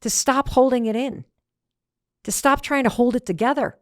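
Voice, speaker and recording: A woman's voice: high voice, moderate pace, no echo, studio quality. A middle-aged woman hosting a motivational podcast, telling a story with emphatic, punchy repetition. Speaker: host.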